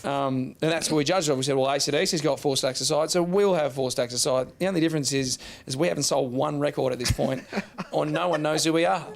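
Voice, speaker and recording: A man's voice: on the high side, quick pace, creaky, few pauses. A man with an Australian accent, a rock musician telling stories in a casual interview, laid-back and laughing, swearing freely.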